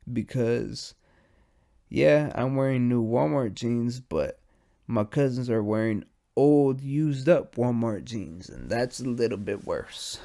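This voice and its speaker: A young man hosting a podcast alone, high and sleepy, rambling in casual, profane slang. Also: slow, mellow. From United States. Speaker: podcast host. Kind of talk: casual stoned monologue.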